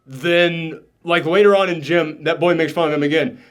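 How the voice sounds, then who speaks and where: A man's voice: a little high, normal speed. A man ranting animatedly about a film in a casual review chat, swearing as he gets exasperated. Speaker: film reaction host.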